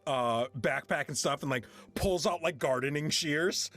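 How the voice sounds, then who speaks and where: A man's voice: fairly high pitch, measured pace, fairly bright tone. A man playing his character in a tabletop game, joking and stammering through in-character banter. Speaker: player. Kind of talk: in-character tabletop role-play.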